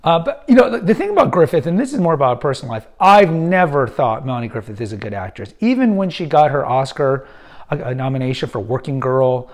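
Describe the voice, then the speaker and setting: A man's voice: mid-range voice, sing-song, fast talker. A man in his fifties who hosts a podcast, giving casual, opinionated film commentary and rambling with frequent restarts and fillers. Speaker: podcast host.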